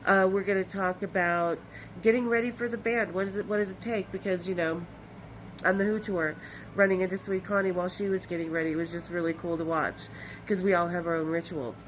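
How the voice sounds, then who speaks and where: A woman's voice: lowish voice, fairly even intonation, brisk, slight background noise, poor audio. Chatty older woman podcast host. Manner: chatty and rambling, with swearing and bursts of brighter energy. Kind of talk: casual direct-to-camera chat.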